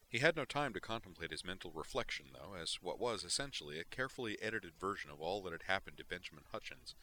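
Deep-voiced man reading a story. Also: sing-song, quick pace, few pauses, sharp tone. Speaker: narrator. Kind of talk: audiobook reading of fan fiction.

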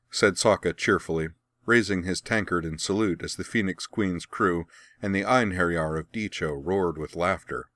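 Brief: male audiobook narrator, very low voice, wry and even, close dry recording. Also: moderate pace, no room sound. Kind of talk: scripted audiobook narration of fan fiction.

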